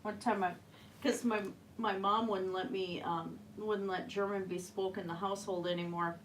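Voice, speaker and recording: A woman's voice: mid-range voice, steady tone, moderate pace, slight background noise. Chatty woman painting live. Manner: chatty, rambling, answers viewer comments. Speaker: livestreaming artist. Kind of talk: casual chat while painting live.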